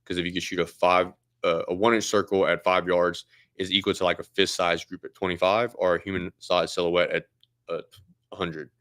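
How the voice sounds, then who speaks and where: A man with a very low voice talks through a shooting drill in a relaxed, conversational way, padding his explanations with fillers. The sound is dry and close, with no room echo. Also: a little fast. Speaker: firearms instructor. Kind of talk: casual explanatory chat.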